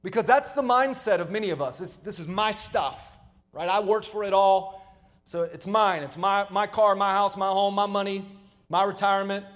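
A male pastor preaches emphatically in a live sermon, his voice sitting high and a bit bright at a moderate pace. He calls out to the congregation for responses, and long hall reverb fills the recording.

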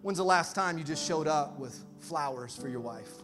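A man in his thirties preaching a sermon as pastor, energetic and animated, calling out to the congregation. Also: a little high, moderate pace. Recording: reverberant hall, faint music behind.

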